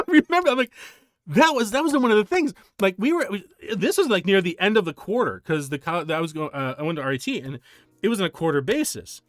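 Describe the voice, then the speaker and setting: A man's voice: sits high, a little fast, no echo, studio quality. A middle-aged man chatting casually on a stream, telling a story and laughing often. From United States. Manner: animated, laughs often, acts out quoted voices.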